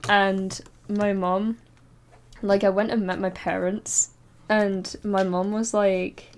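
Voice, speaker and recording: A woman's voice: mid-range voice, flat delivery, a little mellow. A young woman chats on her stream mic, winding through a personal story in fits and starts. She trips over her words, circles back, and breaks into small nervous laughs. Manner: rambling, halting, with frequent fillers and nervous laughs. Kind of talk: casual storytelling chat. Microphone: streaming microphone.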